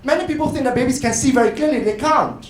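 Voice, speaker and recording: A man giving a lively, playful workshop talk at a conference, acting out voices and laughing often. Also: very high-pitched, fast. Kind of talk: lively educational talk to an audience. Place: hotel conference room. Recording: roomy hall with faint noise.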